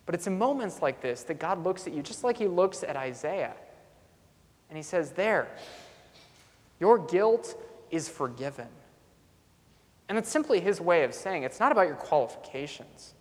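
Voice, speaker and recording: A man preaching a sermon as a pastor, telling a story earnestly and coming back to a repeated refrain. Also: fairly high pitch. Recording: long reverb in a large hall.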